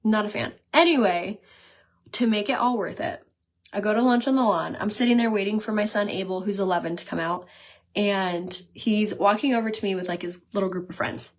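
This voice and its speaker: A woman in her thirties chatting casually on a live stream while she does her makeup. She talks fast, says "like" a lot and laughs often. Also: medium pitch. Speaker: makeup seller and vlogger. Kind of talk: casual livestream chat while doing makeup.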